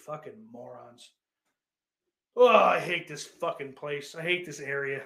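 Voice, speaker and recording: A man's voice: a little high, a little slow, vocal fry, roomy sound. A man streaming and reading chat comments aloud, ranting crudely with sarcasm and mocking outbursts. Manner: sarcastic, profane, bursts into mocking yells. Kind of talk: casual crude rant.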